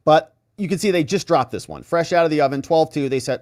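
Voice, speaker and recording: A man hosting legal commentary, talking casually with a sarcastic, animated manner. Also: a little high, fast, hardly any pauses, no echo, studio quality. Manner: animated, sarcastic, mimics reactions.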